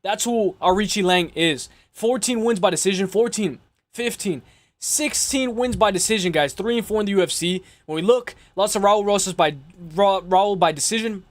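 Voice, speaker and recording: A young man hosting a casual fight-prediction show, rambling and excitable, repeating himself and swearing often. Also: high-pitched, moderate pace. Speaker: MMA podcast host.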